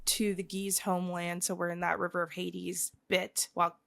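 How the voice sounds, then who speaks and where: A woman's voice: fairly low pitch, flat delivery, moderate pace, vocal fry, fairly bright tone. A woman co-hosting a podcast, giving a chatty, rambling recap full of fillers. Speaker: podcast co-host.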